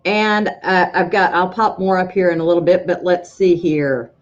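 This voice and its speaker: A woman hosting a live sewing-software show, greeting viewers in a chatty, rambling way with frequent ums. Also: on the low side, fairly even intonation, normal speed, highs cut off. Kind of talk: casual livestream chat greeting viewers.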